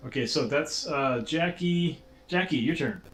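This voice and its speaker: A man's voice: on the high side, a little slow, fairly bright tone, slight background noise. A man running a tabletop game as dungeon master, narrating monsters with playful, laughing energy.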